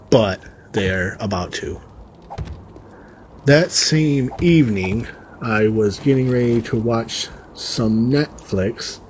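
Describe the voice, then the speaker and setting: A man's voice: lowish voice, a little mellow, slight background noise. A man reading a story aloud and breaking in with profane, sarcastic asides. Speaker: story reader and commentator. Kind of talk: reading a story aloud with reactions over gameplay.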